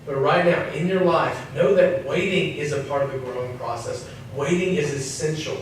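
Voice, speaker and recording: A man's voice: on the high side, moderate pace. A man giving a casual, joking sermon to young people, acting out little voices as he talks. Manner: chatty, acts out voices, jokes. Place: church hall. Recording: echoey room, mic at a distance, faint noise.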